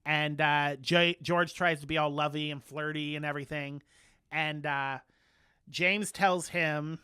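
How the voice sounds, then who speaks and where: A man co-hosting a podcast, recapping a TV episode in casual chat, animated and full of playful quoted voices. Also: fairly high pitch, a little slow, clear, resonant tone, no echo, studio quality. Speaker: podcast co-host.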